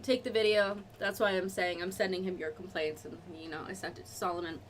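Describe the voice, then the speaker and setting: A woman's voice: lowish voice, fairly even intonation, a little fast, slight background noise. A woman hosting a casual devotional live stream, chatty and rambling, with lots of filler asides. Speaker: host of a live Bible study show.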